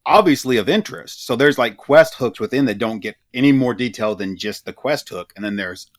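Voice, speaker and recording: A man co-hosting a podcast, summarizing game material in a halting, casual way with many filler words. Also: mid-range voice, expressive, no echo, clean studio sound. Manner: halting, with frequent "uh" and "um". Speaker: podcast co-host.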